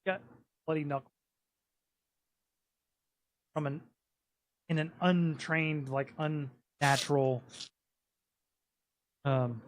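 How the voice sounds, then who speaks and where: A man's voice: a little high, steady tone, takes it slowly, pauses often, dry recording. Casual man running a tabletop game. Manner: casual, laughing, stumbling over words. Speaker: game master.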